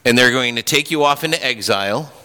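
A man's voice: medium pitch, a little fast, sharp tone, clear, resonant tone. A man preaching a sermon earnestly, with frequent restarts and fillers. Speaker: pastor. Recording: hall reverb.

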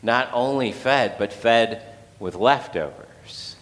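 Pastor guy chatting through a sermon, bright forceful voice, long church echo. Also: mid-range voice, takes it slowly. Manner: conversational storytelling with acted quotes and laughs. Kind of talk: casual sermon.

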